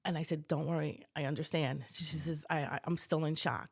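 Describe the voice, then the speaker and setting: A woman's voice: deep voice, fairly even intonation, fairly quick, breathy edge. A woman being interviewed, reflectively recounting memories and acting out the remembered dialogue, with many fillers. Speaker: interview guest, widow of a fire chief. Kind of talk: personal storytelling interview.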